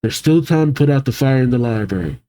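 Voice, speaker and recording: A man's voice: mid-range voice, lively intonation, quick pace, dark tone, lightly acted. A man reading the lines of a grim, determined giant warrior and father in a manga.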